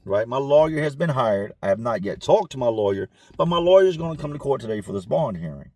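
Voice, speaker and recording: A man telling a personal story in a casual, animated vlog style, recorded in his car. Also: medium pitch, quick pace, hardly any pauses, no echo, clean studio sound. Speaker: vlogger.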